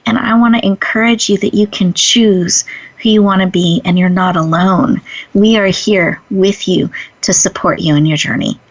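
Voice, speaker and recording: A woman host telling a personal story in an earnest way and then guiding listeners through a slow breathing exercise. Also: medium pitch, steady tone, dull audio. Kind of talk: inspirational talk and guided breathing.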